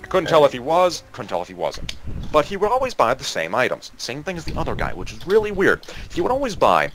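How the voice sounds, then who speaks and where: A young man casually telling a work story to friends over voice chat, animated and acting out the people he quotes. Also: a little high, fast talker, over music. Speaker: storyteller among gaming friends.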